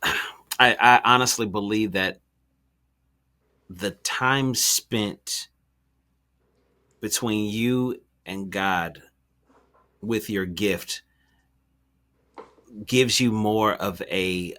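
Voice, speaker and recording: Bright-toned man telling a story casually. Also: sits low. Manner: animated, slangy storyteller with many fillers and restarts. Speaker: podcast host.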